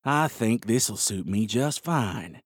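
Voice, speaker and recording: A smug, menacing outlaw drawls low and slow, taking his time with every threat, voiced by a man reading a story. The recording is dry and close. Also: animated, slightly rough, no echo, heavily acted. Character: menacing tall male outlaw, smug bully.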